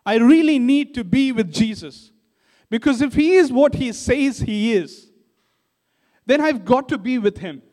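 A weeping, repentant woman pours out her devotion, as a male preacher speaks in her voice. The voice sits high and is raised and earnest, with phrases repeated again and again. Long reverb from a large hall trails each line. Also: lively intonation, measured pace, a little mellow. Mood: fervent devotion. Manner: fervent first-person retelling, repeating phrases.

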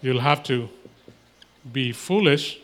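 A man's voice: mid-range voice, slow, fairly bright tone. A man preaching a sermon, emphatic and repetitive, acting out imagined everyday exchanges.

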